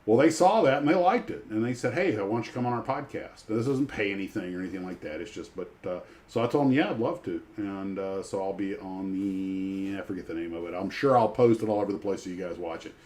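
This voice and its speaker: Talking quickly with few pauses, a retired pilot on his livestream tells rambling stories full of restarts in casual chat. His voice is deep with a darkish tone.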